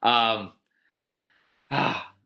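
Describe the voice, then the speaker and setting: A man's voice: medium pitch, steady tone, drawn-out words, vocal fry, dull audio. A man giving parenting advice on a video call, in an unscripted and conversational way. He thinks aloud, loosely, with fillers. He sometimes acts out parents and kids in short bursts. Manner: conversational, often eyes closed, acts out child and parent voices. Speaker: parenting speaker. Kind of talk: parenting talk over online video call.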